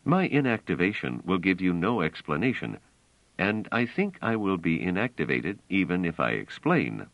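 A man's voice: low-pitched, very animated, normal speed, no room sound. A man voicing a stubborn male prisoner who answers his captor in curt, defiant lines. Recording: dull, dry audio.

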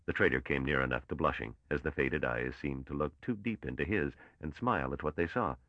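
A man reading a science fiction audiobook in measured, even scripted narration. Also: very deep voice, no room sound, highs cut off.

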